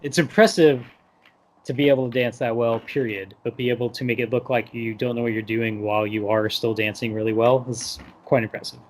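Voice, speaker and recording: A man's voice: medium pitch, fairly even intonation, a little fast. A young adult man hosting a podcast, recapping a film in a loose, rambling way full of "like" and acted-out quotes. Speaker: podcast host. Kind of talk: casual movie discussion. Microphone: podcast microphone.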